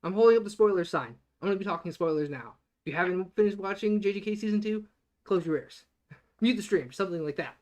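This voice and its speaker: A streamer in casual livestream talk, excitable and rambling, stressing words hard as they react to an anime season. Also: medium pitch, quick pace.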